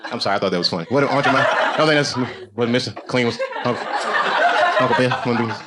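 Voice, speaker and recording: A man's voice: mid-range voice, racing. A man doing a live stand-up set, profane and riffing with the crowd. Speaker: stand-up comedian. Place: live comedy venue. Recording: loud background noise.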